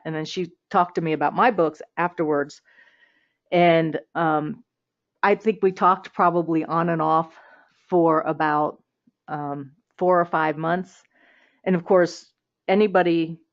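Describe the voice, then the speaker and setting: Chatty woman host, fairly low voice. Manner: chatty, laughs often, many restarts and fillers. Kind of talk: casual interview chat. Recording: slightly dull, muffled audio.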